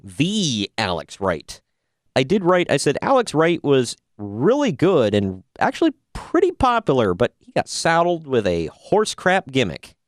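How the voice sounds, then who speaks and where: A man talks through a casual podcast recap, tossing in sarcastic jokes. His voice is smooth and resonant, and the sound is dry and close. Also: fairly high pitch, wildly swooping pitch, normal speed, hardly any pauses, no echo. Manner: casual, jokey, sarcastic asides. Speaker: podcast host reviewing wrestling. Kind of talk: casual review chat.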